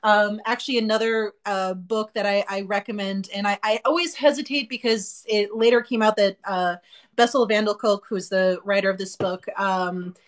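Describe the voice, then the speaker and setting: A woman in a relaxed podcast conversation, talking at a middle pitch. She speaks bluntly and candidly, often stopping to restart her sentences and filling gaps with um and you know. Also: normal speed. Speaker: podcast co-host. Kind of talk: casual podcast chat.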